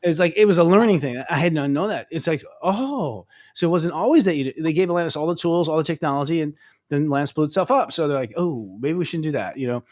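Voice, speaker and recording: A man hosting a casual interview chat, rambling and excitable, with lots of fillers and restarts. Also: a little high, racing. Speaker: astrologer host.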